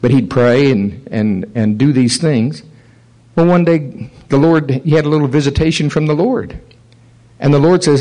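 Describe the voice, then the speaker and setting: A man's voice: mid-range voice, moderate pace, low-quality recording. Male preacher telling stories in a sermon. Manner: animated storytelling, chuckles at his own stories. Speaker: pastor.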